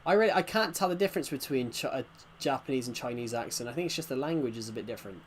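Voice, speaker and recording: A man's voice: medium pitch, animated, rapid-fire, a little hiss or hum. A man casually chatting to viewers while streaming a game, rambling and restarting sentences as he reacts to the chat. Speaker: game livestreamer.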